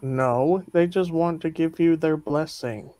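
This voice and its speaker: A woman's voice: low voice, a little slow, mellow, no echo. A woman voicing a spirited young princess wife in a fan dub, patient and coaxing. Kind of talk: fan dub of an animated film.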